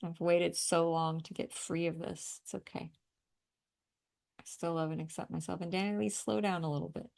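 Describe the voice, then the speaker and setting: A woman with a low, gravelly voice guides a group through a healing session. She coaches breathing and tapping in an emphatic, outspoken way and does not shy away from swearing. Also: level tone, normal speed, darkish tone. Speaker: energy healing facilitator. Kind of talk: guided energy clearing session.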